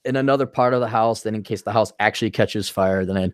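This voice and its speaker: A podcast host with a lowish, clear, resonant voice speaks quickly over a video call, telling crude jokes and stories in casual chat. He's animated and voices the quotes, and the studio-quality sound has no room noise.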